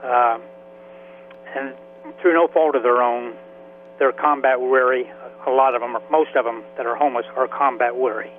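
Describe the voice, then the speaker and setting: A man in his seventies, a veteran and author, telling his story in a halting, emotional way with many restarts. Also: mid-range voice, steady tone. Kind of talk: radio interview by phone. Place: Florida. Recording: tinny phone line with faint hiss.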